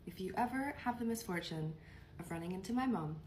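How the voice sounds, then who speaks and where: A woman's voice: mid-range voice, expressive, brisk, a little mellow, a little hiss or hum. Chatty woman telling a story. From United Kingdom. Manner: chatty, gossipy delivery. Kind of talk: casual storytime.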